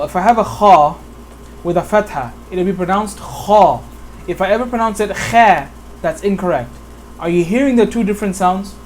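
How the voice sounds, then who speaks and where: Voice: mid-range voice, a little mellow. An American tutor giving a one-on-one tajweed lesson, patiently modelling Arabic sounds and checking understanding with a frequent "okay?". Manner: models Arabic sounds slowly, corrects self mid-sentence.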